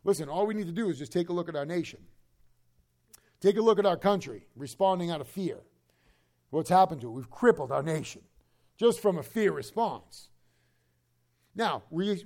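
Lively, high-voiced male preacher. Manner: conversational, animated preaching with acted asides. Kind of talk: sermon.

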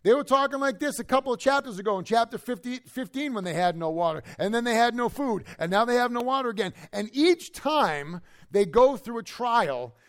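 High-voiced pastor, emphatic then hushed. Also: male voice, expressive, fairly quick, hardly any pauses. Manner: swings between loud emphatic lines and hushed asides; conversational, keeps checking in with the listeners. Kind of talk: expository sermon. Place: church before a congregation.

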